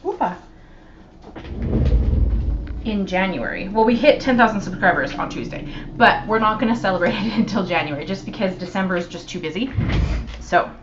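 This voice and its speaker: A woman's voice: mid-range voice, normal speed, pauses often, lo-fi sound, noisy background. Chatty Canadian woman on a camera mic. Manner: chatty, greets viewers by name, laughs often. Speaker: crafting channel host. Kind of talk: casual livestream chat. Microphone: camera microphone.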